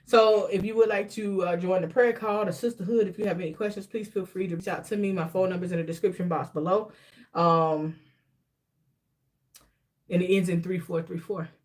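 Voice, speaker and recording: A woman's voice: on the low side, steady tone, moderate pace, darkish tone. A woman giving a casual spiritual tarot reading, emphatic and repetitive as she hands out advice in loose, slangy talk. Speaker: tarot reader and spiritual coach.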